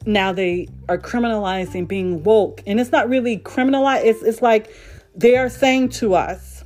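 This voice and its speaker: A woman's voice: mid-range voice, moderate pace, darkish tone, faint music behind. A woman vlogger delivering a heated, profane monologue rant, repeating herself for emphasis.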